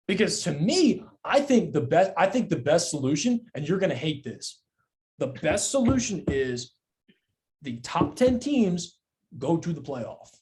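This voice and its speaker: A young man co-hosting a sports podcast in casual chat, animated and incredulous, repeating himself and swearing freely. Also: a little high, a little slow. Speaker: podcast co-host.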